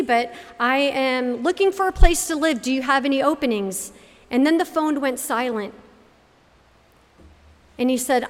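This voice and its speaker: A middle-aged woman from Connecticut telling a personal faith testimony, acting out the voices of the people in her story. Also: a little high. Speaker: speaker giving a faith testimony. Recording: hall reverb.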